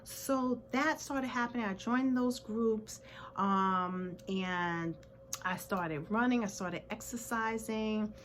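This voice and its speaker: A woman's voice: mid-range voice, slow, a little hiss or hum. A woman in her forties giving a personal motivational talk to camera, earnest and reflective. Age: 40s. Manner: earnest, reflective, many fillers. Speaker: vlogger.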